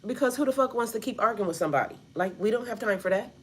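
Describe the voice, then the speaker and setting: A woman's voice: fairly high pitch, lively intonation, fast talker, a little hiss or hum. A woman giving a casual spiritual reading straight to her viewers, blunt and profane, filling her talk with "like" and addressing them as "y'all". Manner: blunt and profane, heavy on the word "like". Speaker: spiritual reader.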